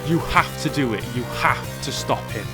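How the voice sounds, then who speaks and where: A man narrating a comedic review of a retro game. He is sarcastic and sweary, slipping into mock outrage. Faint music plays softly behind his voice. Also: medium pitch, expressive, moderate pace, vocal fry.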